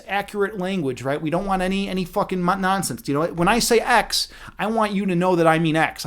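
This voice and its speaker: A man's voice: high voice, fairly bright tone. A man chatting casually on a livestream, rambling and swearing freely with lots of restarts and laughs. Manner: rambling, profane, laughs often, many restarts. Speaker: streamer.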